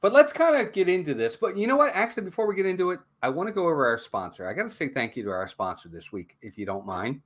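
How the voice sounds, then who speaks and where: A man's voice: on the high side, quick pace, hardly any pauses. A man hosting a casual live-streamed movie review podcast, laughing easily and chatting with his co-host. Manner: lively, laughs easily, reads a rhyming mock ad.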